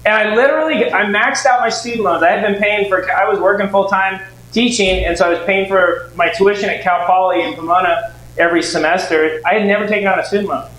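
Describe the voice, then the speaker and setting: A man in his forties teaching a live seminar room, telling animated stories and acting out dialogue with shifting voices. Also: high-pitched, fast. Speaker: real estate investing trainer. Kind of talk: storytelling lecture to a live audience. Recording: echoey room with faint background noise.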